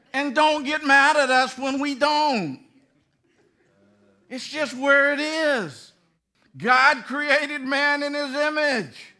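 Middle-aged male pastor, high bright voice, slow comic sermon delivery with acted-out dialogue. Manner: storytelling with mimicked dialogue, bursts of laughing emphasis. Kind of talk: humorous sermon.

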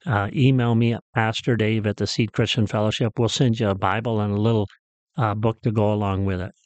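A man's voice: lowish voice, flat delivery, a little fast, no room sound, muffled recording. A man who is a pastor, preaching a radio sermon in a storytelling way that builds to emphatic peaks.

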